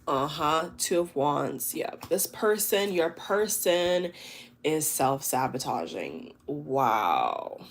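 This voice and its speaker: A woman's voice: deep voice, very animated, slow pace, a little hiss or hum. A woman giving a collective tarot reading to her viewers, talking in an emotive, chatty way, full of exclamations and fillers. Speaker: tarot reader.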